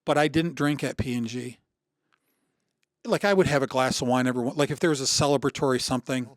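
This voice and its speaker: A man's voice: mid-range voice, quick pace, no room sound, studio quality. A man in his sixties from Michigan, a podcast guest telling stories in an earnest, reflective way with many restarts. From Michigan, USA. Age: 60s. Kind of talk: conversational storytelling.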